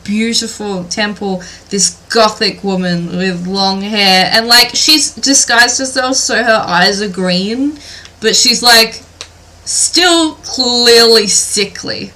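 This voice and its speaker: Woman DM, unhurried, bright tone, lots of ums and likes. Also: medium pitch. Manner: hesitant, filler-heavy narration. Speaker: dungeon master. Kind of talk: narrating a tabletop game.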